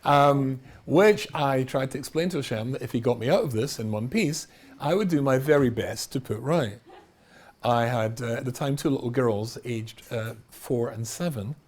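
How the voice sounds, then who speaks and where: A man's voice: medium pitch, normal speed. A middle-aged man, a rabbi, giving a humorous storytelling talk in a wry, self-mocking way, often laughing at his own jokes.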